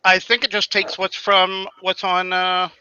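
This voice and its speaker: A man's voice: sits high, monotone, a little slow, sharp tone, highs cut off, slight background noise. A man with a New York accent from Yonkers, joking and teasing in a casual livestream chat over a video call. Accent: New York (Bronx). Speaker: stream guest.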